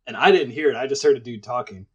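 A man's voice: medium pitch, fast, husky, dull audio. Easygoing male podcast co-host. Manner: easygoing, laughs along. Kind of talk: casual film podcast chat.

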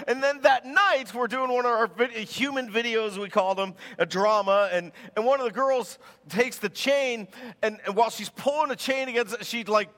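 A man preaching a sermon as pastor, telling stories in an animated way and laughing as he goes. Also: very high-pitched, moderate pace, big-room sound.

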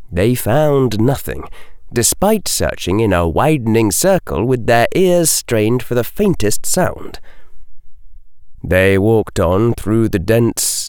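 A man narrating a fan fiction audiobook in a measured, expressive reading. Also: fairly low pitch, clear, resonant tone, dry recording, clean studio sound.

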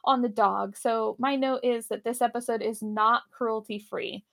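A woman's voice: on the high side, steady tone, normal speed, creaky, fairly bright tone. A young woman co-hosting a podcast, chatting casually and giggling as she recaps a TV episode. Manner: giggly, chatty, puts on silly voices for characters. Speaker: podcast co-host.

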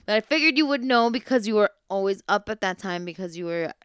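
A woman's voice: medium pitch, animated, fast, fairly bright tone, smooth, no room sound. A young woman co-hosting a podcast, teasing her partner in casual banter and laughing often. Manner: laughing, teasing, pushes to move on. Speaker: podcast co-host.

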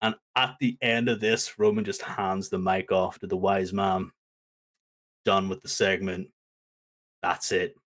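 Excitable man retelling a show. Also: measured pace. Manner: acts out quotes with big jumps in pitch; laughs as he talks. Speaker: podcast co-host. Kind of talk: animated play-by-play recap.

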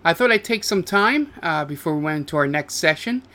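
Filler-heavy game master narrating. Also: male voice, a little high, lively intonation, brisk, sharp tone. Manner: hesitant, many fillers.

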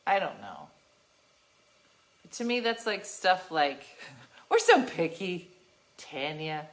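A middle-aged woman telling a story to her livestream viewers in an animated, sassy way, laughing often. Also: on the low side, slow pace. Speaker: livestream host.

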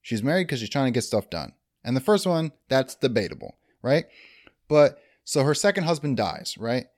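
Lively young-sounding man chatting about a movie. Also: mid-range voice, normal speed, no echo, studio quality. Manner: enthusiastic, heavy use of "like" and "dude". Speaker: podcast co-host. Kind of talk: casual movie review chat.

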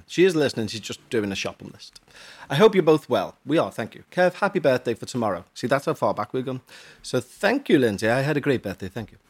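Man, podcast co-host, casual, reads emails aloud, jokey, self-mocking. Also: medium pitch. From Huyton, Merseyside, England.

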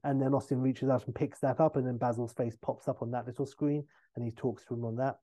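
A man hosting a podcast, telling a comic film pitch in a rambling way with fillers and self-corrections. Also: little pitch movement, fast, mellow.

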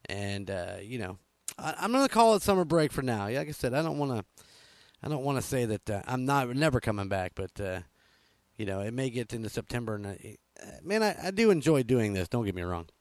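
A man's voice: medium pitch, very animated, fairly quick, no echo. A man hosting a casual radio show from a studio, rambling with lots of fillers and chuckles. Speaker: radio host.

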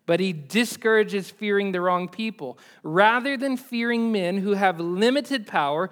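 A man preaching a sermon as pastor, swinging between loud emphatic peaks and quiet low asides, repeating key lines for emphasis. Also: a little slow.

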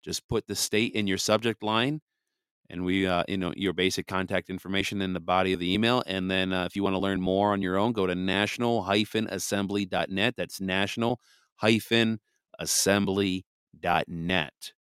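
A hoarse, raspy man hosting a podcast, praying fervently and chatting in a folksy way with frequent laughs. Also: low voice, fairly even intonation, normal speed, a bit bright, dry recording, clean studio sound. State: hoarse from illness. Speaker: podcast host. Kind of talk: casual podcast talk with prayer. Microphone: headphones and studio mic.

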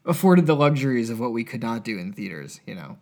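A man's voice: mid-range voice, quick pace, noisy background. Sleepy guy cohosting a podcast, rambly, says like a lot. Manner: lively, rambling, lots of fillers. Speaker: podcast co-host. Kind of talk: casual chat.

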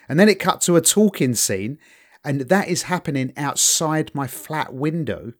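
Animated British man telling stories. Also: on the high side, normal speed. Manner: animated storyteller, acts out voices loudly. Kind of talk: casual chat, storytelling.

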